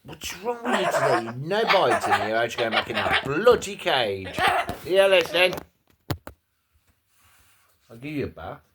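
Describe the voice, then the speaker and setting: A man's voice: on the high side, very animated, measured pace, pauses often, very noisy. A man talking to his pet bird at home, teasing and scolding it and swearing casually. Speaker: pet owner vlogger. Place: indoors at home. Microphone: phone camera held close.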